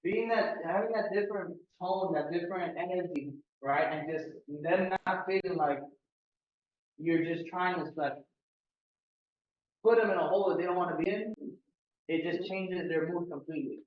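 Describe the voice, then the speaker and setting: Male trainer from Miami, high voice, casual and animated, recorded far off in an echoey room. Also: moderate pace, slight background noise. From Miami, United States. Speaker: real estate sales trainer. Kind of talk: team training talk. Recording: roomy, distant, dull meeting-room audio.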